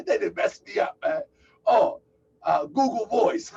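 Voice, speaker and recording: A man's voice: high voice, very animated, takes it slowly, vocal fry, a little mellow, a little hiss or hum. A man hosting a call-in livestream, chatty and loose, exclaiming and laughing as he sets up. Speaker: host of a call-in show. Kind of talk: casual livestream talk. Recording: distant, dull lo-fi mic.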